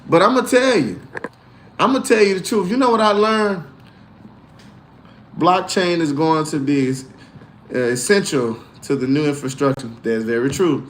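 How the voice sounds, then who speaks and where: A man hosting a casual crypto livestream, animated and slangy, mixing faith talk with tips and reading out comments. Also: echoey room, slight background noise. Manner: animated, swinging from low grumbles to loud outbursts.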